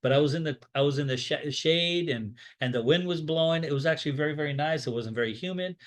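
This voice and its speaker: A rabbi teaching a Bible study in a loose, conversational way, full of fillers and restarts, voicing strong opinions and telling stories. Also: male voice, on the high side, fast. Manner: rambling, off-the-cuff, with many fillers and restarts; opinionated, tells stories with lively acted-out dialogue. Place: Florida.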